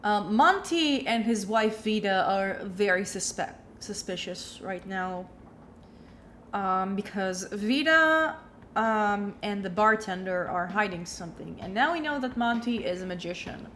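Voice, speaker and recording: Slow-talking woman streamer with a cold. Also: medium pitch, lively intonation, a bit bright, a little hiss or hum. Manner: chatty, thinks aloud with many fillers. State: has a cold. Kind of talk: casual game playthrough commentary.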